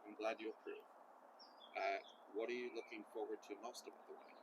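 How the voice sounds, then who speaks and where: A man's voice: fairly low pitch, little pitch movement, fast talker, highs cut off, noisy background. A young adult man interviewing his mother, hesitant and full of fillers before each question. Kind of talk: casual family interview.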